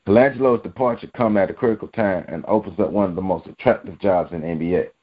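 A man with a low voice runs casual sports talk commentary, blunt and slangy, circling back to hammer each point. The audio is dull and lo-fi, like a home recording. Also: fast. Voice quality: blunt, slangy, repetitive emphasis.

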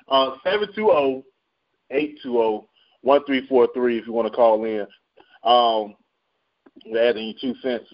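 A man's voice: medium pitch, measured pace, pauses often. A man hosting a casual radio-style chart rundown, joking and slangy with frequent laughs. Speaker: radio show host. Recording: dull lo-fi sound.

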